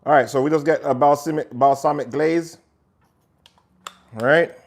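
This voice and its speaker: A man's voice: a little high, unhurried, creaky. A man hosting a live cooking stream, chatting to viewers while he cooks and slipping into patois now and then. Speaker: cooking show host. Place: home kitchen.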